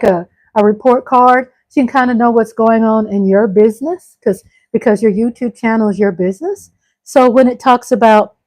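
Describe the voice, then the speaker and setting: A woman's voice: a little high, a little mellow, dry recording, rough recording. A middle-aged woman hosting a casual live stream. She reads out viewer comments and chats back to them, calling her viewers y'all and breaking into exclamations.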